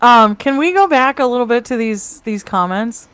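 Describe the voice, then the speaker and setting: A woman co-hosting a live show over a home mic, chatting casually and reading out viewer comments with quick asides. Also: fairly high pitch, lively intonation, a bit bright, a little hiss or hum. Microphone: home mic on a video call.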